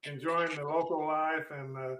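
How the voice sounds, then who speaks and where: A man's voice: fairly high pitch, steady tone, moderate pace, echoey room, recorded from a distance, heavy background noise. A man co-hosting a chat show, joking and laughing often, often trailing off mid-sentence. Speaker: co-host. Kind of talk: casual chat.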